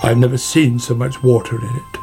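A man's voice: mid-range voice, little pitch movement, a little fast, music in the background, close to an everyday voice. A man voicing a chatty, friendly male otter in a storybook reading.

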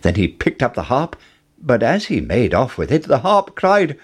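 A man reading a fairy tale aloud as a storyteller, slow and expressive. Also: medium pitch, breathy edge.

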